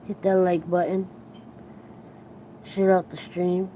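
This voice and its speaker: A tired livestream host chatting casually to viewers, earnest and reflective, rambling and halting with many restarts. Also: mid-range voice, level tone, mellow, slight background noise, low-quality recording.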